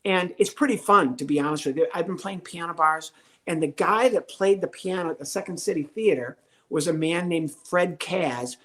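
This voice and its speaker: A man in his sixties, a comedian guest telling a lively story and acting out the voices of the people in it. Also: a little high, normal speed. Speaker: podcast guest, comedian and ventriloquist. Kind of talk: storytelling interview.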